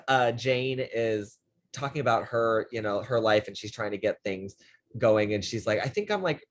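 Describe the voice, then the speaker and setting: A man's voice: fairly low pitch, measured pace. Chatty male film podcast host. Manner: animated, acts out characters' lines in quotes; frequent fillers and restarts, laughs often. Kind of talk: casual chat.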